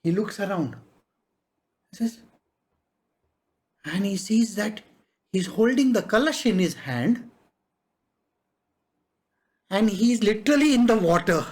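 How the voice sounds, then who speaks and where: Slow, chuckling spiritual storyteller. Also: medium pitch, expressive. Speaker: spiritual master. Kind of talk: devotional discourse with storytelling.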